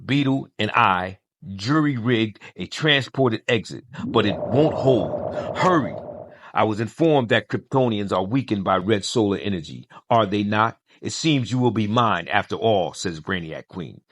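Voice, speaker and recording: A man's voice: on the low side, normal speed, few pauses, fairly bright tone, no room sound, clean studio sound. A man narrating a comic book story, reading every character's lines with little change of voice between quotes.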